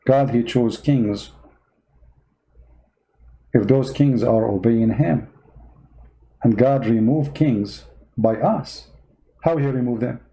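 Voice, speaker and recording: Gravelly, dark-voiced man arguing his point. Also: mid-range voice, takes it slowly, pauses often, low-quality recording. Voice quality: non-native English speech. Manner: argumentative, with rhetorical questions. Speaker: Christian commentator. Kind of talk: live online commentary.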